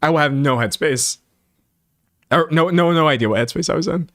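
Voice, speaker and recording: A man's voice: on the high side, a little fast, fairly bright tone, dry recording, clean studio sound. A young man from South Central Texas with a Texan drawl, chatting casually and joking on a livestream. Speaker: streamer.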